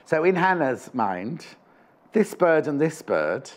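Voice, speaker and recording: A man hosts a live home shopping broadcast from a TV studio, selling fabric in a chatty, teasing way. His voice sits a little high for a man, and he keeps up a running patter of prices and jokes. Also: big pitch swings, takes it slowly. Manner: chatty, jokey, teasing asides. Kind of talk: live TV sales chat.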